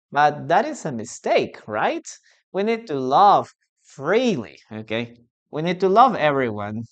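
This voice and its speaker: English teacher, live online class, talks real slow, drills words over and over. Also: mid-range voice, clean tone, highs cut off. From Peru. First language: Spanish. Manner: repetitive, drills pronunciation, asks the class questions.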